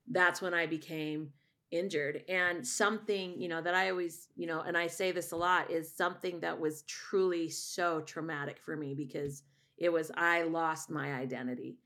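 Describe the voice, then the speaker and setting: A woman's voice: fairly low pitch, sharp tone. A middle-aged woman, a voice teacher and singer, telling a personal story candidly in a rambling way with many restarts.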